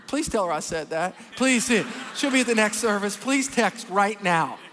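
A man preaching a sermon as pastor, animated and folksy, acting out the people he talks about. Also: high voice, moderate pace, a little hiss or hum. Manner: animated, folksy, acts out Bible characters. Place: large church hall. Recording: long reverb of a church hall.

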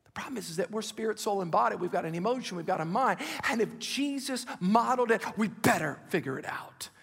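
Husky high-voiced preacher in a reverberant hall. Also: male voice, expressive, quick pace. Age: 50s. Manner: impassioned, urgent preaching that drops to hushed asides. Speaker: pastor. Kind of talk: sermon.

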